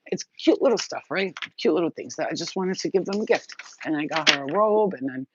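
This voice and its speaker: A woman's voice: sits low, expressive, a little fast, very noisy. A woman spiritual reader talking in a casual, emphatic, rambling monologue. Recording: dull, slightly muffled sound.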